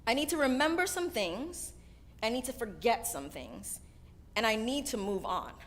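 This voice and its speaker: A woman voicing an ancient male rabbi who thinks out loud in a determined way, in her own sermon voice. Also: fairly high pitch, lively intonation, normal speed, long reverb tail. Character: ancient rabbi, a man, grieving but resolute.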